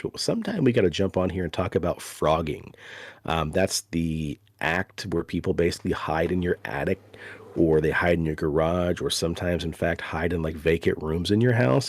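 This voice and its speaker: A man's voice: deep voice, moderate pace, dry recording, studio quality. A man hosting a paranormal podcast, talking in a loose, chatty way and swearing casually. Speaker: podcast host.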